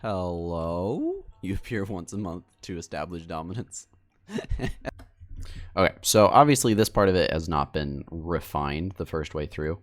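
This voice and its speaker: A man's voice: low-pitched, lively intonation, unhurried. A young man streamer chatting casually with his viewers while editing a video, rambling and cutting himself off. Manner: rambling, self-interrupting, addressing chat.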